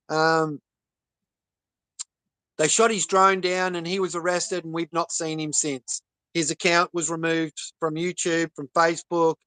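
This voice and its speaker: A man talking on a livestream in an earnest, halting way, with many pauses and fillers. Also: a little high, a bit bright, smooth, no echo. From Australia. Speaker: livestream guest. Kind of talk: casual livestream talk.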